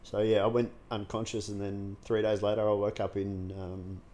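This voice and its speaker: A man's voice: lowish voice, flat delivery, normal speed, darkish tone. A man in a candid interview, telling his own story frankly, swearing freely and filling his talk with ums and restarts. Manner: frank and unguarded, heavy swearing, many fillers and restarts. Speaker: guest sharing his recovery story.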